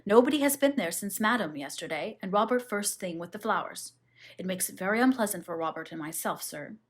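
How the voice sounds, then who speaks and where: A woman's voice: mid-range voice, animated, brisk, natural voice. A woman reading the lines of a formal, deferential male butler in an audiobook, in a stiff and solemn manner.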